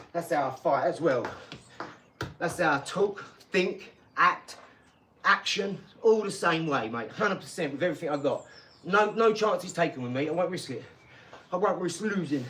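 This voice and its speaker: A man, ranting on a live stream, loud, mocking and swaggering, full of street slang. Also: on the high side, slight background noise. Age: 40s. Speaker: livestream host. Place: garage.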